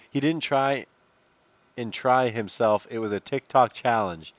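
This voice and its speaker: A man's voice: mid-range voice, unhurried, no echo, muffled recording. A man casually reads online messages aloud and adds profane, mocking asides between them. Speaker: commentator reading online posts. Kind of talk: casual reading and commentary.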